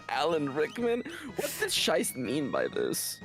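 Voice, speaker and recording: A man streamer chatting casually and joking during a game, full of quick asides. His voice sits a little high and moves animatedly. Faint music plays behind. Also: huge pitch swings, fairly bright tone.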